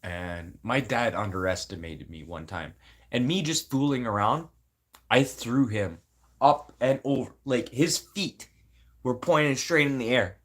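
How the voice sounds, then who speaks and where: A man's voice: medium pitch, a little slow, a bit bright. A man, crying and venting in an angry, profane, rambling livestream rant. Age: 40s.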